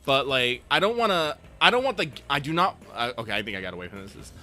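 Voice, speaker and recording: A man's voice: mid-range voice, very animated, fast, pushed and bright, slight background noise. A man co-hosting a live stream while playing a game, talking in a loose, casual way and swearing freely.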